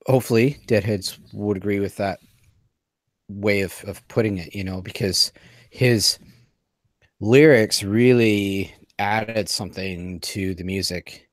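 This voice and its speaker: A man with a fairly low voice, thinking aloud in a rambling, hesitant way with restarts. The recording is dry and close. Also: unhurried, no room sound. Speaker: podcast co-host. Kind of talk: casual chat.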